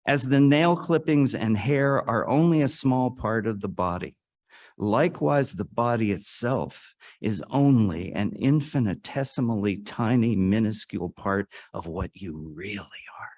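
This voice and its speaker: Before a congregation in a worship service hall, a man delivers an earnest, storytelling sermon, his fairly low voice a little slow. His intonation is lively, building to dramatic rises before sinking into hushed drops.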